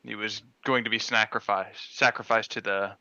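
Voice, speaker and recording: A man playing his character in a tabletop game, speaking haltingly and hesitantly. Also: on the low side, fairly even intonation, pushed and bright, no echo, dull audio. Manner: halting, hesitant, with many fillers. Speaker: player. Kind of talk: in-character role-play.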